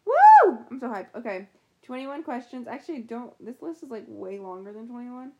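A young woman co-hosts a podcast with a friend in loose, giggly chat. Her voice sits fairly high, and she keeps circling back with filler words as she talks. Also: brisk, a little mellow. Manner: giggly, chatty, lots of "anyways" and "like". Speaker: podcast co-host. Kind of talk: casual chat.

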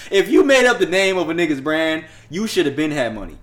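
A man hosting a casual sports and pop-culture podcast, profane and laughing, swinging between loud and quiet. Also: a little high, sing-song, a little fast, few pauses. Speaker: podcast host.

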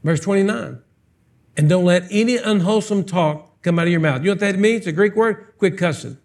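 A man preaching a sermon to his congregation in a church, animated and joking, firing off rhetorical questions. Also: high voice, fairly quick. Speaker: pastor. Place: church sanctuary, live service.

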